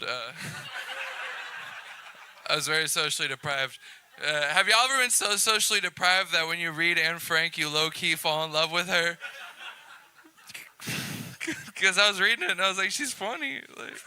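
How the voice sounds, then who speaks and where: A man's voice: a little high, normal speed, pauses often, sharp tone, slight background noise. A man doing an awkward, rambling stand-up set, repeating himself and laughing at his own jokes. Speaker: stand-up comic. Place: comedy club stage.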